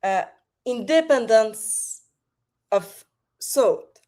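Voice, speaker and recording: A woman with a French accent, a podcast guest speaking over a video call, with many pauses and restarts. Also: on the high side, expressive, warm tone. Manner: hesitant, many fillers and restarts. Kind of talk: remote interview.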